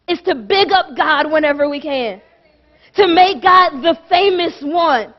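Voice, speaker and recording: A woman's voice: high voice, unhurried. A woman pastor preaching a dramatic sermon in a church, repeating phrases and acting out the voices of the people in her story. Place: church sanctuary. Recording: dull lo-fi church recording.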